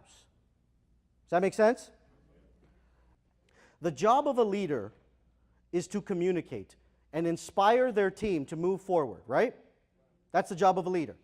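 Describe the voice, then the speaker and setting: A man giving a motivational keynote speech in a large conference hall, energetic, asking the audience questions and acting out the people in his stories. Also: high voice. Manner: energetic, asks the audience questions, acts out dialogue. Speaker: keynote speaker.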